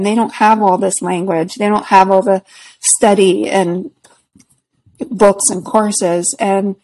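Woman, podcast guest, reflective and earnest, slow and breathy. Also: mid-range voice, low-quality recording. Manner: reflective, earnest, laughs softly between thoughts. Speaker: podcast guest, spiritual practitioner. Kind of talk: casual conversation.

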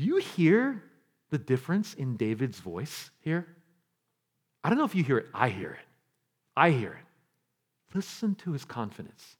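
A male pastor preaching a sermon with dramatic delivery, moving between loud passages and hushed near-whispers, with casual asides to the congregation. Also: mid-range voice, wildly swooping pitch, a little slow, pauses often, slightly rough.

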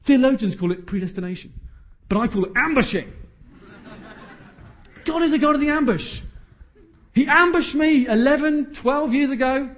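A man's voice: very high-pitched, moderate pace, pauses often. A man, preaching a sermon emphatically with joking asides. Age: 30s.

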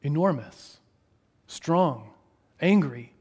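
A man preaching a sermon, moving between hushed, drawn-out phrases and raised, emphatic ones. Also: on the high side, slightly rough. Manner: expressive, shifting between hushed and raised delivery.

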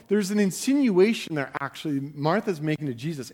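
A man's voice: a little high, very animated, moderate pace, hardly any pauses, darkish tone. A man preaching a sermon in a conversational way, often repeating words as he starts a sentence. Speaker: pastor.

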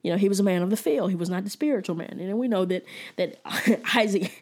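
A woman's voice: mid-range voice, fast, a little mellow. A woman teaching a Bible study in a casual, conversational way, often repeating words and checking in with "okay?".

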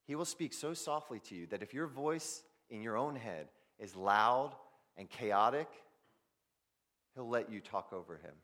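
A man preaching a sermon, swinging between loud emphasis and near-whispers as he speaks directly to his listeners. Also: mid-range voice. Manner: addresses listeners directly as "guys". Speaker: pastor.

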